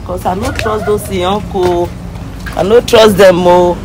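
A woman's voice: mid-range voice, fairly even intonation, unhurried, background noise. A Nigerian woman, a mother, asking anxious questions in Nigerian Pidgin-tinged English. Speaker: mother receiving a gift.

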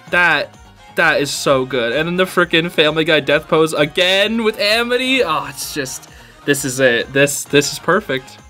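Hyped up guy reacting to fan vids, bright voice jumping all over, says dude constantly. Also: on the high side. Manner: excitable, laughing, says "dude" a lot. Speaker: host reacting to fan videos. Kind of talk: casual reaction commentary.

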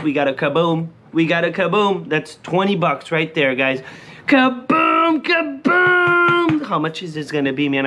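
Man, scratch-ticket vlogger, slow-talking and slightly high, erupts into shouts on wins, faint hiss behind. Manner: shouts and sing-songs when he wins, then drops back to calm chatter; keeps calling out to viewers with "guys" and "man". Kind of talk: excited casual vlog commentary.

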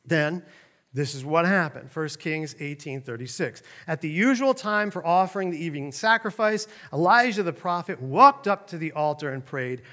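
Lively man teaching a Bible lesson. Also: a little high, normal speed. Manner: animated, laughs often, acts out quotes loudly.

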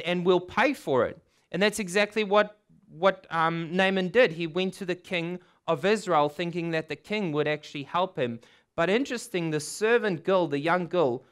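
A man's voice: high voice, fairly bright tone, smooth. A man preaching a sermon, retelling a Bible story in casual words and acting out what the figures say. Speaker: pastor.

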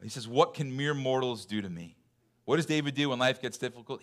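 A man in his thirties preaching a sermon in a church, chatty and full of fillers, dropping to soft, intense lows. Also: fairly quick. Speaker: pastor. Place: church hall.

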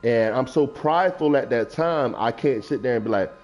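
Young male streamer, lively and sermonizing, dull lo-fi mic. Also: mid-range voice, normal speed, a little hiss or hum. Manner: animated, preachy riffing on feelings, reads chat aloud. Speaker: gaming streamer. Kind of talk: casual livestream talk.

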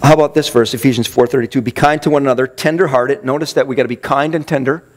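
A man's voice: medium pitch, fairly even intonation, quick pace. A man preaching a sermon as pastor, emphatic, building long lists and acting out his listeners' objections. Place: church.

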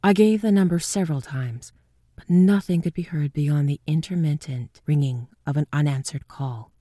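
A woman narrating a ghost story in a hushed voice that often drops to a whisper. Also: low voice, normal speed, no echo, studio quality.

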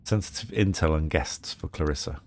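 A man voicing a weary male raccoon private eye in a low-key, tired manner. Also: moderate pace.

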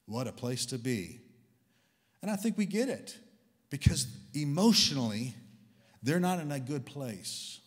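A male preacher delivering a sermon in a church hall, his voice trailing off in long reverb. He swings from loud, excited exclamations down to hushed, near-whispered lines. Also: mid-range voice, measured pace, long pauses. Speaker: guest preacher.

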